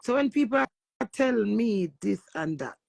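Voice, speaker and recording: Jamaican woman streamer, gravelly, dry close phone sound, brash live rant. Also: medium pitch, lively intonation, normal speed, darkish tone, no echo. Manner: brash, swearing, talks back to viewers.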